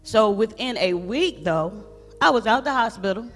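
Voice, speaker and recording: Woman guest preacher, animated testimony, bright, forceful delivery, echoey church hall, faint music behind. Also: medium pitch, moderate pace. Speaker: guest speaker. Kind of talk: sermon testimony.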